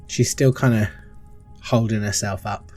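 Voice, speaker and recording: A man's voice: lowish voice, steady tone, measured pace, darkish tone, faint music behind. A man narrating a tabletop game as game master, vivid and a little sweary.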